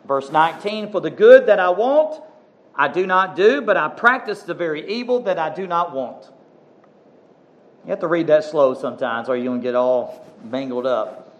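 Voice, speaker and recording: Man, high-pitched voice, sermon delivery, emphatic, addresses the congregation directly. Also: lively intonation, moderate pace, dull audio. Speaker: pastor. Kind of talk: sermon with scripture reading.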